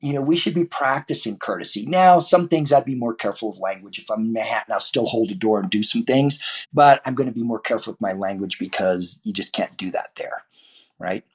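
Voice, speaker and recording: A man's voice: on the low side, a little fast, breathy edge. A man, a martial arts teacher, talking as a podcast guest in a loose, rambling way with many restarts and fillers. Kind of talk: podcast interview guest, casual talk.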